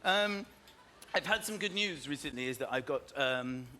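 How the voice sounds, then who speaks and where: A middle-aged man performing a stand-up comedy routine with animated, exaggerated storytelling. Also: medium pitch, moderate pace. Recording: noisy recording.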